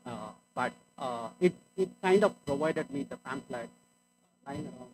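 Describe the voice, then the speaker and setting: Hesitant man with lively pitch. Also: low-quality recording. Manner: hesitant, many filler sounds. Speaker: father speaking at public comment. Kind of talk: unscripted public comment. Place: school board meeting room.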